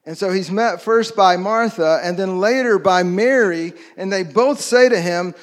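Man, preacher, sermon, slow, conversational, asks questions, church hall reverb. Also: sits high.

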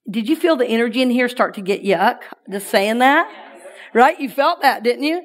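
A woman minister giving a sermon to her congregation, lively and playful, inviting listeners to repeat her lines. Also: fairly high pitch, brisk.

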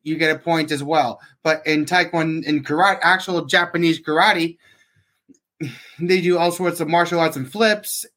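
A man's voice: fairly high pitch, steady tone, pushed and bright. Hesitant young man, a podcast guest. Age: young adult. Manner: hesitant, halting, with restarts and "like". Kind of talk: casual interview.

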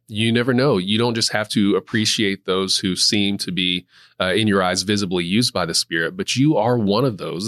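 Low-voiced man hosting a Bible discussion. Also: no echo. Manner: measured, reads scripture aloud and asks questions, gentle affirming fillers. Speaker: church host. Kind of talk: casual Bible study discussion.

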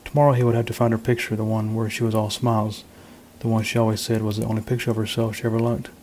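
A man, an author, reading his short story aloud in a measured, even manner. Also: lowish voice, slight background noise, poor audio.

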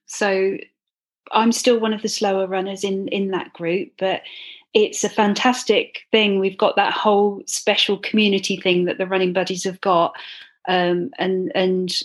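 A woman's voice: mid-range voice, little pitch movement, unhurried. A woman guest telling her running story in a chatty, earnest way, with many ums. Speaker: guest, club runner. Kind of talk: casual interview.

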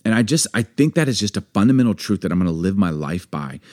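A man in his forties co-hosts a candid podcast conversation. His voice sits low but swings widely in pitch as he argues with rising passion, hammering his points home. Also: very animated, fast talker, a little mellow. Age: 40s. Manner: impassioned, emphatic, builds to anger. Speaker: podcast co-host.

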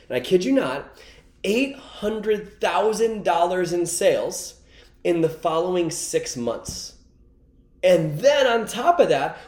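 A man's voice: on the high side, darkish tone, echoey room. A man teaching a recorded course lesson, energetically telling a story and acting out quoted dialogue. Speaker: online course coach.

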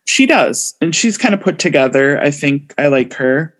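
A woman's voice: deep voice, animated, moderate pace. A woman in her forties co-hosting a casual chat about a baking show, talking with frequent ums and trailing thoughts. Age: 40s. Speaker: podcast co-host.

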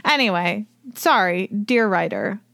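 A woman co-hosting a podcast in casual chat, blunt and animated, swearing freely as she tells stories. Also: mid-range voice, unhurried, creaky, dry recording, clean studio sound. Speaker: podcast co-host.

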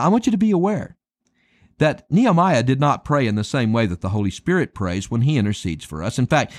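A man preaching a sermon, emphatic and dramatic, slowing down to stress key words and calling his listeners beloved. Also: mid-range voice, dry recording, clean studio sound. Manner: addresses listeners as beloved and friends.

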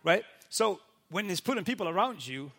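Pastor, male, high bright tone, lively and conversational, peppers talk with "right?". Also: normal speed, creaky. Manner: animated, keeps asking "right?" and acts out quoted people. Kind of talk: casual faith talk.

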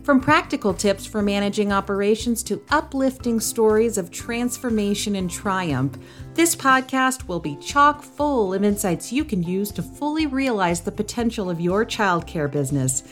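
A woman announces the podcast in a polished, upbeat read. Her voice sits at a middle pitch, with faint music playing behind her. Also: animated, moderate pace. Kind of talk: scripted intro read.

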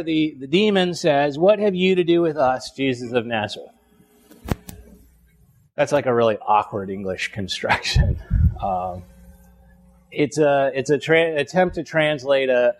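Chatty man teaching a Bible lesson. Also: mid-range voice. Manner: conversational, many restarts and "right?" checks.

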